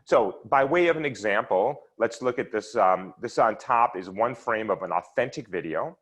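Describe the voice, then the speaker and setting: His voice is fairly low, expressive and a bit bright, with a husky edge and a normal speed. He gives an explanatory lecture on his research for an online seminar, taking listeners through slides and charts step by step.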